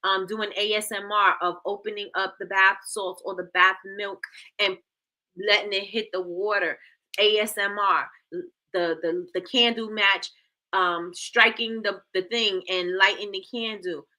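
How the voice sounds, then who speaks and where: Bright-voiced woman hosting a livestream. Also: medium pitch, fairly even intonation, measured pace. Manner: playful, repeats herself, addresses chat as y'all. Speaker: livestream host. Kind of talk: casual livestream coaching.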